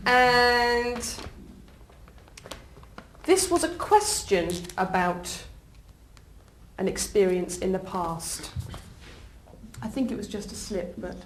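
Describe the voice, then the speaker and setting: A woman teaching an English class, giving clear instructions and frequent praise. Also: medium pitch, lively intonation, slow pace, pauses often, roomy sound, a little hiss or hum.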